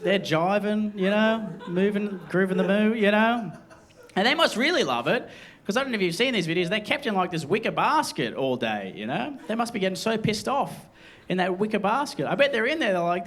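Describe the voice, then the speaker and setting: A man's voice: high voice, fairly quick. A young man performing a rambling, self-deprecating stand-up comedy set at a live venue. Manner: rambling, self-deprecating, lively delivery to a laughing crowd. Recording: live show, audience laughter behind.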